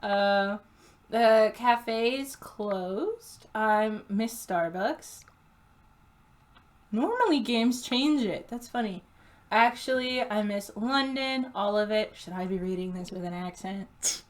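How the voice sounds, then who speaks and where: A woman streaming a game, reading its text aloud and chatting casually, laughing often and tripping over unfamiliar names. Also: mid-range voice. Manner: giggly, reads slowly and stumbles on names.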